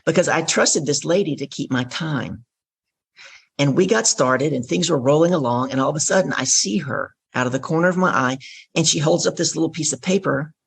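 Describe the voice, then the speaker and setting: A middle-aged woman tells her story with a lot of vocal fry, and her voice sounds rough and husky. She speaks as an interview guest and acts out each exchange as she goes. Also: deep voice, brisk. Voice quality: gravelly, husky voice. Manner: vivid storyteller who acts out dialogue.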